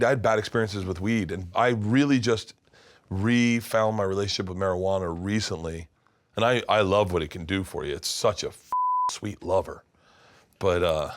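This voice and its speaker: Middle-aged male comedian guest, animated storyteller, slips into voices, big laughs, lowish voice. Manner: excitable, acts out voices in his stories, laughs loudly. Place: his studio.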